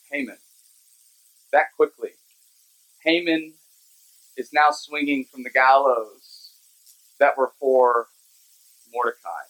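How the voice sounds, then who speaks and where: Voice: mid-range voice, fairly even intonation, slow pace, pauses often, a bit bright, low-quality recording. A pastor retelling a scripture story in a casual, conversational sermon.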